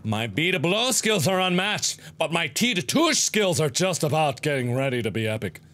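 Animated young man doing game commentary. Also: fairly high pitch, normal speed, hardly any pauses. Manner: playful, jokey, exclaiming and shouting in surprise. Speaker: gaming video host.

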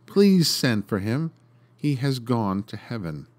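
A man's voice: mid-range voice, very animated, takes it slowly, darkish tone. A man voicing a small girl in a told story, tremulous and pleading. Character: tearful little girl pleading for her father.

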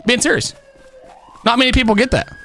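A man live-streaming a police role-play game, excitable and loud, laughing often and calling everyone brother. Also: extremely high pitch, fairly quick, a little hiss or hum. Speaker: streamer playing a police officer.

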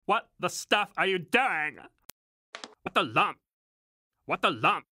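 A sulky, overdramatic lumpy princess from a cartoon acted by a man complains in a whiny, nasal teen drawl. The voice is pitched high and sounds very bright and sharp. She drags her words out slowly. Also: expressive, exaggerated voice. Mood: exasperated. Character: sulky, dramatic lumpy space princess, female. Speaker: cartoon character.

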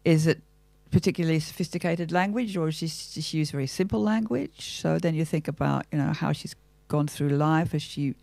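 Gravelly older Australian actress. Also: female voice, low voice, brisk, few pauses, darkish tone, no room sound. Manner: thoughtful, theatrical, self-questioning. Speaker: actress, interview guest. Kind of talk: reflective interview talk.

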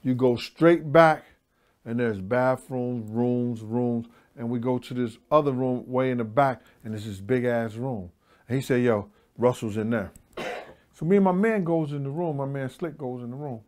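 A man's voice: medium pitch, moderate pace, darkish tone. A middle-aged man telling a story as an interview guest, blunt and profane, with a meandering, casual delivery.

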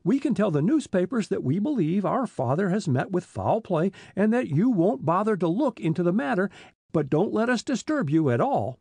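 A man reading an audiobook, voicing a clever, determined teenage boy detective who speaks smoothly and persuasively. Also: sits high, big pitch swings, moderate pace, mellow, dry recording, voice pushed up, exaggerated voice.

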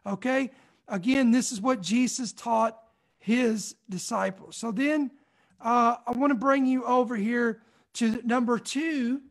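A man's voice: very high-pitched, measured pace, vocal fry. A middle-aged man preaching a teaching sermon, earnest and repetitive, with many fillers.

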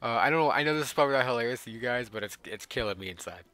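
A man's voice: medium pitch, animated, very fast, fairly bright tone. A young man commentating on a video game, swearing freely and laughing often. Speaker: let's play gamer.

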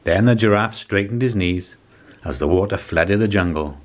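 A man reading a children's picture book aloud in a calm, measured storytelling manner. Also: low voice. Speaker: storybook reader.

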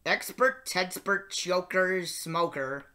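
Heavily acting, a man voices the Twelfth Doctor, a sardonic, grumpy older male alien time traveller, reading and singing lyrics in character and muttering exasperated asides. His voice sits high, sounds bright and forceful, and moves slowly.

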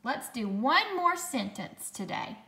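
A woman with a high-sitting, very animated voice and a sharp tone leads children through a phonics lesson in a roomy-sounding space. Patient and slow, she sounds out each dictation sentence word by word.

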